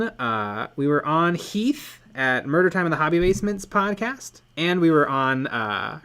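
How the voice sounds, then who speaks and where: A man chats on a livestream and reads out viewer comments in a playful, chatty way. His voice sits fairly high and swings widely in pitch. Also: very animated, unhurried, few pauses, bright, forceful tone, clean tone. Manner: chatty and playful, with frequent fillers. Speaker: livestream co-host. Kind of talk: casual chat reading viewer comments.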